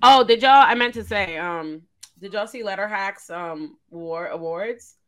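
A woman on a casual panel chat, animated and profane, laughing often as she talks. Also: medium pitch, measured pace.

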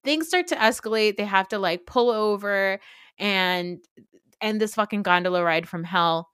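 A woman podcast host recapping reality TV in a casual, gossipy, animated way, swearing freely. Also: mid-range voice, normal speed, clear, resonant tone, no echo, clean studio sound.

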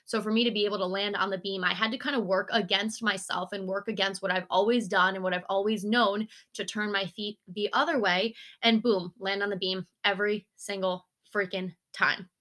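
A woman's voice: mid-range voice, steady tone, brisk, hardly any pauses, a bit bright. A young woman hosting a podcast, telling a personal story in a candid, conversational way, with filler words and the odd swear. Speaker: podcast host. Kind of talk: casual storytelling monologue.

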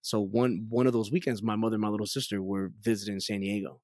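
A man in his late thirties speaks with a somewhat low voice, recorded dry and close in a studio. He tells his story in a chatty, rambling way, leaning on fillers and acting out what people said. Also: fast talker, no room sound. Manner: chatty, many fillers, lively quoted dialogue. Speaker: guest giving testimony. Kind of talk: casual storytelling interview.

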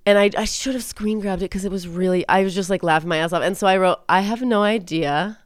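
A woman's voice: medium pitch, fast, no room sound, clean studio sound. A woman in her forties co-hosting a podcast, telling a story in a chatty, laughing way that is full of swearing. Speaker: podcast co-host. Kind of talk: casual chat.

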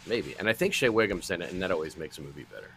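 A man with a very low voice co-hosting a movie podcast. His tone is bright and forceful. He rambles through absurd bits in a deadpan way. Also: rapid-fire, husky. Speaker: podcast co-host. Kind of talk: casual chat.

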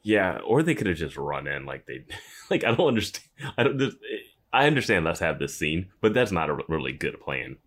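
Male co-host with a very deep voice and lively pitch, casual and amused. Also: moderate pace. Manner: laughing, chiming in. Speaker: podcast co-host. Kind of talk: casual chat.

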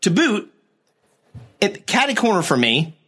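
A man's voice: high-pitched, moderate pace, breathy edge. A man in casual chat, telling a travel story with lots of swearing and acting out other people's voices. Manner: animated, profane, acts out other people's voices.

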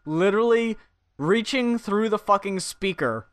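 A man co-hosting a casual chat about an album, relaxed, swearing, and backing up his co-host. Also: high-pitched, measured pace, clear, resonant tone, dry recording. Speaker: podcast co-host.

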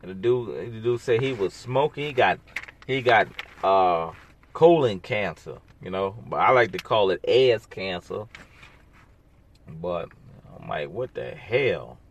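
Slow, low-voiced sarcastic man rambling. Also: lively intonation, slight background noise. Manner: rambling, sarcastic, blunt, with asides. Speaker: podcast host. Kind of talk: casual solo podcast monologue.

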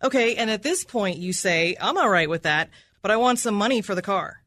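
A woman's voice: medium pitch, lively intonation, brisk, fairly bright tone. A woman prosecutor cross-examining a witness in an aggressive, accusatory manner, repeating his answers back and ending with "right?".

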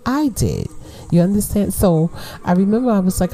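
A woman's voice: mid-range voice, animated, moderate pace, dark tone. A middle-aged woman hosting a podcast, giving casual, slangy advice and laughing often as she talks. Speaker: podcast host.

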